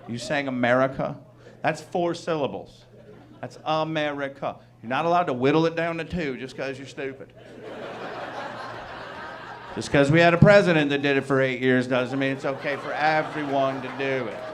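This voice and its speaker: A young man doing a stand-up comedy set, loud and animated, laughing through his punchlines. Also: mid-range voice, moderate pace, long pauses, crowd noise.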